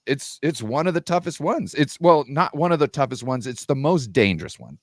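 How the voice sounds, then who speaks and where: Big pitch swings mark the brisk, mid-range voice of a man arguing on a casual football debate livestream, where he co-hosts and roots for the 49ers. He makes emphatic points, restarting and repeating as he goes. The recording is dry and studio quality.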